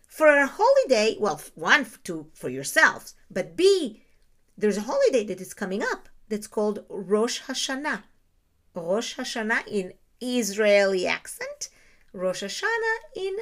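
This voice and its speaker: A woman giving a reflective teaching talk on Jewish ideas, explaining terms and asking her listeners rhetorical questions. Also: fairly high pitch.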